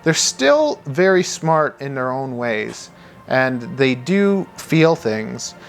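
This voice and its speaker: A man's voice: sing-song, slow, vocal fry, soft background music. A young man giving casual pet snake care tips in a rambling, chatty way, often restarting sentences. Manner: chatty, rambling with restarts, mimics owners in high squeaky voice. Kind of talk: casual instructional video.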